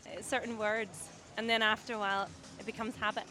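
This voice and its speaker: A woman's voice: mid-range voice, flat delivery, a little fast, bright, forceful tone, soft background music. A woman from Northern Ireland with an Ulster Scots accent, chatting in a street interview.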